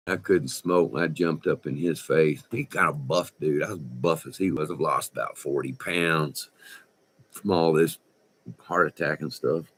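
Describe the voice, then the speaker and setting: Older man in his sixties, low-voiced, unhurried, folksy profane storyteller. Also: pushed and bright, slight background noise. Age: 60s. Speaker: vlogger. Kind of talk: rambling storytelling. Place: indoors by a window.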